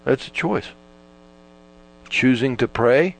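A man's voice: mid-range voice, very animated, moderate pace, poor audio. A man giving an informal Bible teaching, folksy and repetitive, restarting phrases and driving points home. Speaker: preacher.

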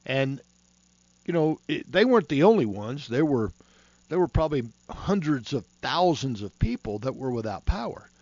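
A man's voice: mid-range voice, big pitch swings, normal speed, darkish tone, dry recording, lo-fi sound. A man hosting a Christian talk show on being prepared, talking in a folksy, rambling way with many restarts. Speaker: host.

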